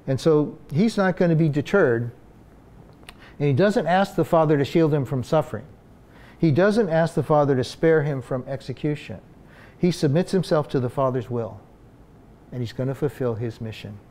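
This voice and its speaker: Mellow-voiced pastor preaching conversationally. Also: male voice, a little high, moderate pace. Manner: conversational preaching with frequent fillers and restarts. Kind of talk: sermon.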